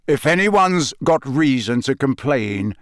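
A man doing a growling, gruff old wizard. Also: mid-range voice, animated, slow pace, dry recording, clean studio sound.

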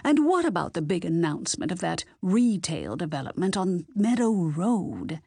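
Brief: a woman playing older lady, measured and explanatory, lowish, dry close read. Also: very animated, gravelly, mellow, breathy edge, dry recording, heavily acted.

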